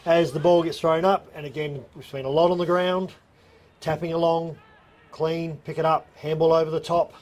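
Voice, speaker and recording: A man's voice: a little high, little pitch movement, moderate pace, darkish tone. A man with an Australian accent giving opinionated, analytical colour commentary at a local football match. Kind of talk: live sports commentary.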